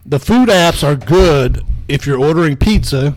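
A man co-hosting a podcast, telling a story in casual comedic chat, animated and swearing. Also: on the high side, measured pace, no echo. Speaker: podcast co-host.

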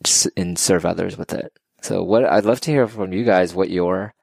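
Deep-voiced man, earnest and emotional. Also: moderate pace, creaky. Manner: earnest, emotional, animated storytelling. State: tearing up. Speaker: podcast guest. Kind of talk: casual interview chat.

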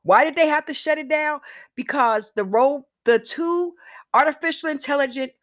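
A woman's voice: high-pitched, moderate pace, a bit bright, dry recording, studio quality. A woman hosting her own solo podcast, talking casually and emphatically to her listeners with slang and direct asides. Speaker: podcast host.

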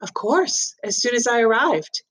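A woman's voice: on the high side, animated, measured pace, a bit bright, slightly rough, pitched above the performer's own voice, heavily acted. Careful, hesitant German-born wife in a storybook, voiced by a woman reader.

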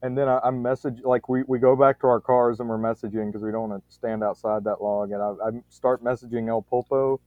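A man on a podcast spins a long, rambling anecdote, often restarting his sentences and swearing casually. His voice comes through narrow and tinny, like a phone line, with a dry sound and no room echo. His pitch is average for a man. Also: level tone, fairly quick, few pauses. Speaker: podcast storyteller.

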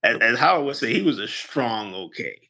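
A man tells a story on a podcast, his husky, gravelly voice swinging wildly up and down. He bursts into high-pitched voices whenever he quotes someone. The delivery is loose and animated. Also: brisk. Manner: animated, jumps into high voices when quoting people. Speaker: podcast co-host. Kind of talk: casual storytelling chat.

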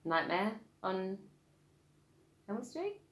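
A woman's voice: mid-range voice, very animated, drawn-out words. A woman co-hosting a podcast in casual chat, playful and laughing often. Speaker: podcast co-host. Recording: echoey room.

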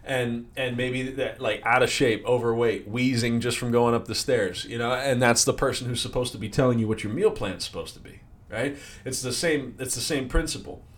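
A man's voice: mid-range voice, moderate pace. Casual motivational man with tag questions. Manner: conversational, many fillers and "right?" tags. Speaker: sales leader in financial services.

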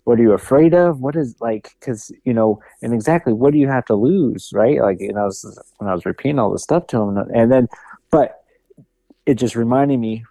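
A man's voice: mid-range voice, moderate pace, vocal fry, warm tone, no echo. A man co-hosting a podcast, talking in a reflective, loose and rambling way. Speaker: podcast co-host. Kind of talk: casual podcast chat.

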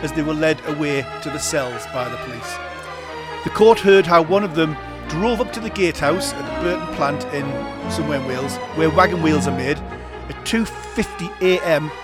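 Male co-host, slightly high voice, reads news items and laughs easily, music under. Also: normal speed. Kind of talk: casual chat and story reading.

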